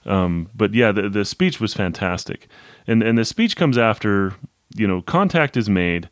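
A man chatting casually as a podcast co-host, agreeable and quick to affirm. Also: lowish voice, animated, no echo, clean studio sound. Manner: agreeable, many short affirmations. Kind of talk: casual conversation.

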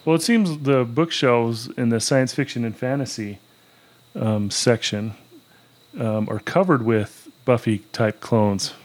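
A man's voice: mid-range voice, a little slow, a little mellow. A man co-hosting a podcast, talking casually and rambling with fillers. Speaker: podcast co-host. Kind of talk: casual chat.

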